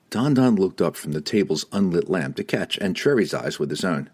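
A man narrating a fantasy audiobook in a dramatic, expressive reading. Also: sits low, moderate pace, few pauses, husky.

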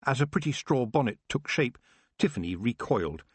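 Brief: male audiobook narrator, husky and low, lively pitch, dry close sound. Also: normal speed, no room sound. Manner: expressive storytelling. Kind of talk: scripted narration.

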